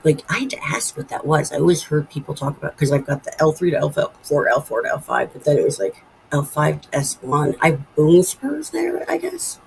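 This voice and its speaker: A woman's voice: sits low, creaky, a little hiss or hum, low-quality recording. A woman in her forties hosting a casual live stream from home, rambling and chatty as she reads viewer comments aloud. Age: 40s. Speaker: livestream host.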